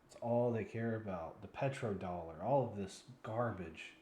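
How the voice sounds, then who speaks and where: A man's voice: on the low side, normal speed, warm tone, reverberant, a little hiss or hum. A man in his twenties giving rambling, frustrated commentary as a news vlogger, sounding weary and yawning now and then. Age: 20s.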